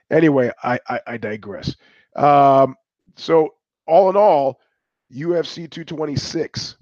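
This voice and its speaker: A man's voice: mid-range voice, a little mellow, dry recording. An older man hosting a livestream, talking in a rambling, profane, digressive way. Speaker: host. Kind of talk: casual livestream monologue. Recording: dull, dry lo-fi stream audio.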